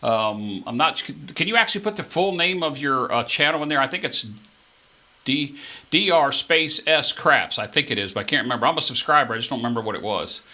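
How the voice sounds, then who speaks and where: A man's voice: mid-range voice, fairly quick. Chatty man calling dice rolls live. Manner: chatty, talks straight to viewers, jumps in excitement when dice land. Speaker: host of a live craps stream.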